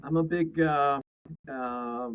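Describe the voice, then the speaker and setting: A man's voice: a little high, fairly even intonation, slow pace, smooth, phone-quality sound. Rambling man co-hosting a podcast. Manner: rambling, many fillers and restarts. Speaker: co-host. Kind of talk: casual podcast chat.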